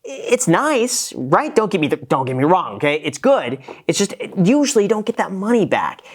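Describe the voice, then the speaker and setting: A man's voice: sits high, big pitch swings, moderate pace. A man hosting a casual reaction show, a former real estate agent who gives frank, cost-minded critiques of a home tour.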